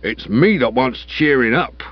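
Man doing a gruff, sour police constable. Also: on the high side, sing-song, dry recording, dull audio, voice pushed up, full character voice. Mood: morose. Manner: gruff, sour, slow and grumbling. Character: gruff, morose village constable, a grown man.

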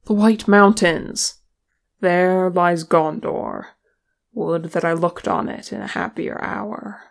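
A woman voicing a grave, stern male ranger leader in a fantasy audiobook, speaking in a measured, solemn way. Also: on the low side, fairly even intonation, creaky.

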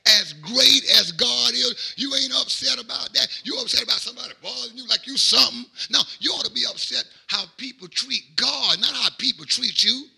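A middle-aged man, a pastor, preaching a sermon in a rhythmic cadence that swings from quiet asides to shouted peaks. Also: very high voice, fairly quick, creaky, few pauses, slightly rough.

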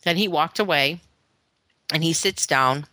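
A woman's voice: deep voice, unhurried, sharp tone, no room sound. A middle-aged woman from Florida, co-hosting a podcast and telling a long family story in a rambling, casual way. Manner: rambling storytelling, acts out quoted voices. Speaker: podcast co-host. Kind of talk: casual chat.

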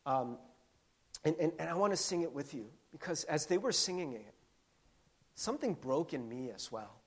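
A man's voice: a little high, sing-song, normal speed, breathy edge. A man preaching a sermon in a church, earnest and conversational, with many restarts and fillers. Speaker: pastor. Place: church sanctuary.

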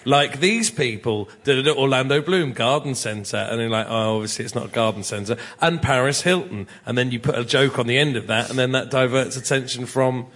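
A man's voice: mid-range voice, moderate pace, few pauses, fairly bright tone. A man on a comedy panel show, arguing his point in a rambling, playful way.

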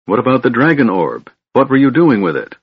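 A man reading the part of a young elf woman in an audiobook, sharp and demanding. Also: fairly low pitch, lively intonation, normal speed, husky, dry recording. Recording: muffled lo-fi recording.

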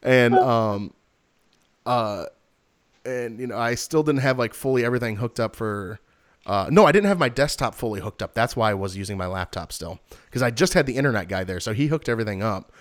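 A man's voice: mid-range voice, expressive, fairly quick, no room sound, clean studio sound. A young man casually telling a rambling, exasperated story to a friend.

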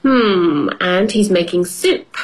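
Slow, lively woman reading to kids. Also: fairly low pitch. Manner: slow, expressive, asks the listener questions. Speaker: teacher reading stories to children. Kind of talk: storybook read-aloud lesson.

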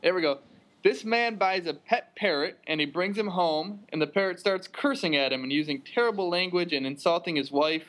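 A man's voice: high-pitched, normal speed, fairly bright tone. A man co-hosting a podcast, talking in an easygoing way and laughing often. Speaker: podcast co-host. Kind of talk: casual podcast chat.

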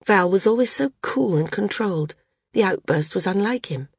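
A woman narrating a novel as an audiobook in a measured storytelling manner. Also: medium pitch, lively intonation, breathy edge, dry recording, clean studio sound.

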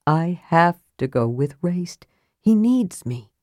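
A woman voicing an earnest young warrior man who pleads softly and talks with a hushed, worried sincerity. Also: on the low side, very animated, takes it slowly, dry recording, studio quality.

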